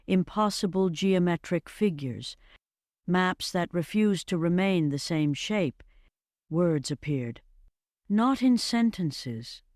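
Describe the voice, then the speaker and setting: A narrator reading a fantasy story slowly and evenly, in a scripted storybook style. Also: medium pitch, no echo, clean studio sound. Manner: slow, measured and even.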